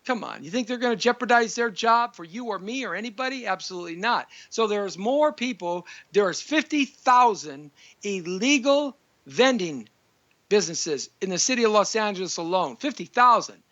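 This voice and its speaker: A man's voice: sits high, expressive, moderate pace, sharp tone, muffled recording. A man hosting a live talk show, ranting in a frustrated monologue.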